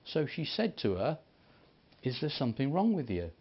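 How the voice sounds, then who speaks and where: Animated man telling a sermon story. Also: mid-range voice, moderate pace, breathy edge. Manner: animated storytelling, acting out quoted voices. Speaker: preacher. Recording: dull lo-fi recording.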